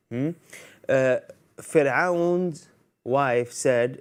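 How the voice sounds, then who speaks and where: A man's voice: medium pitch, animated, moderate pace, a little mellow. A man hosting a live TV Quran lesson for children, playful and teasing, quizzing the viewers and mixing Arabic phrases into his English. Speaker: TV Quran teacher and host. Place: TV studio.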